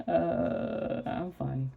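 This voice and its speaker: Sleepy woman, gravelly voice, slow rambling casual chat. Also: lowish voice, mellow. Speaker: vlogger.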